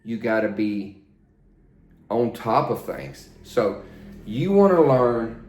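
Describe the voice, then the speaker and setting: An older man teaches as a flight instructor, his fairly low voice set in a roomy, echoing space. He coaches in a plain, steady way and repeats his points. He sounds like someone used to running students through the basics. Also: takes it slowly. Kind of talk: spoken instruction, demonstrating radio calls. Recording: roomy echo.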